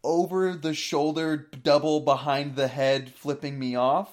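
Laughing, animated male storyteller. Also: a little high, unhurried. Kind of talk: casual storytelling chat.

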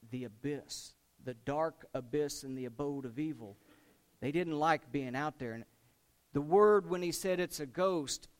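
A male preacher with a somewhat high voice delivers a sermon with animated storytelling. He climbs loud on the dramatic moments, then drops low and soft to land his key words.

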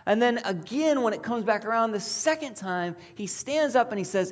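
A pastor preaching a sermon in a reflective storytelling way, asking questions aloud and dropping to a soft near-whisper for quoted words. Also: medium pitch, animated, normal speed, few pauses.

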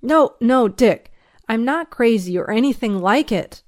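A woman voices a young man locked in a jail cell, a moonshiner, desperate and pleading. His voice rises and strains, read slowly and close to a dry mic. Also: fairly high pitch, sing-song, dry recording, pitched above the performer's own voice. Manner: pleading, raised voice.

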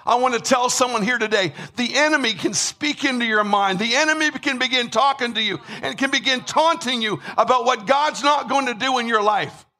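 A man preaching a sermon with emphasis, repeating words and rising to shouts. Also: extremely high pitch, fairly quick, hardly any pauses. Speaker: pastor.

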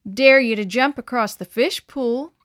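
A woman's voice: on the high side, measured pace, fairly bright tone, no room sound, studio quality. Woman doing a teasing teenage brother. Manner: mocking, lazy drawl.

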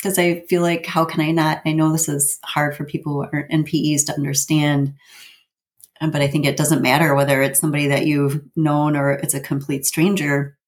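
A woman in her fifties telling a personal story, halting with frequent fillers and nervous little laughs. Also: sits low, flat delivery. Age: 50s.

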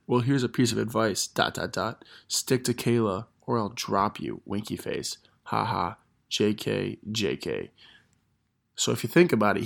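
Low gravelly young man podcasting. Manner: self-deprecating, rambling, reading old messages aloud. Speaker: podcast host. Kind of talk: casual podcast monologue.

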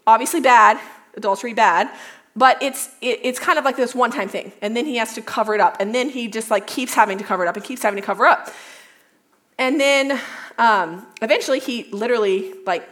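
A woman's voice: on the high side, animated, brisk, a bit bright. A young woman retells a Bible story to a youth group in loose, conversational speech. She is full of "like" and catches herself mid-sentence. Her voice sits a little above average. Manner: chatty, lots of "like", self-correcting. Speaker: youth speaker.

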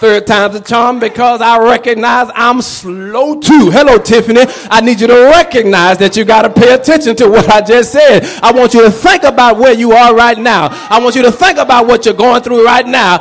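A man preaching a sermon as pastor, shouting and calling out to the congregation. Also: very high-pitched. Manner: shouting, preacherly call-and-response.

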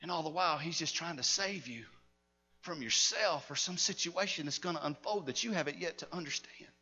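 A man preaching a sermon as pastor, telling a story dramatically and swinging from shouts to near-hushed lines. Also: fairly high pitch, fairly quick, husky. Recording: dull lo-fi sound with long hall reverb.

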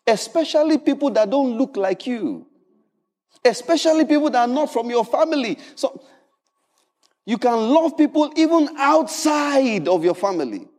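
A man preaching a sermon in an animated, humorous way, often repeating words. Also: very high voice, in a large hall. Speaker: pastor.

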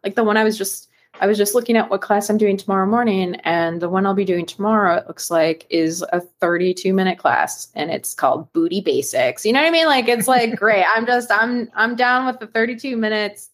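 A woman co-hosting a casual fitness podcast, chatty and quick to laugh, with lots of fillers. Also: mid-range voice. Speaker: podcast co-host. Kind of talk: casual chat.

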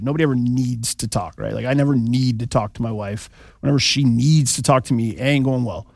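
A man's voice: medium pitch, quick pace, darkish tone, no echo, studio quality. A man preaching a sermon as pastor in a casual, joking way with many asides to the listeners. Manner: conversational, joking, asks "right?" often.

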